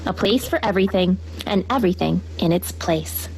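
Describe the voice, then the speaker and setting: A woman reading a children's picture book aloud in an expressive, lively storytelling manner. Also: fairly low pitch, moderate pace, a little hiss or hum, rough recording. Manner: expressive, lively read-aloud with character voices.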